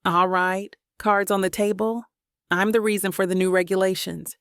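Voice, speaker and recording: A woman's voice: medium pitch, steady tone, moderate pace, a bit bright, clear, resonant tone, no room sound, clean studio sound, natural voice. A woman reading the lines of a smug, confident male billionaire executive in an audiobook, cool and matter-of-fact. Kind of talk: audiobook character dialogue.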